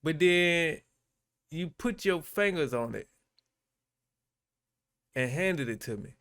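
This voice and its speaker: Slow, smooth-voiced male vlogger. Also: fairly high pitch, lively intonation, fairly bright tone. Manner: laid-back, chatty, with frequent fillers and laughs. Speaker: vlogger and host. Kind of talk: casual commentary.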